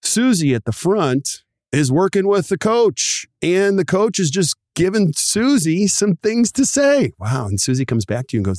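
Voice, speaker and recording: A man's voice: high-pitched, no room sound, studio quality. A man hosting a podcast, explaining practice numbers with energy and acting out little dialogues. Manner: animated, voices other people in quick asides. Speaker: podcast host. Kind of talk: enthusiastic explaining with acted-out dialogue.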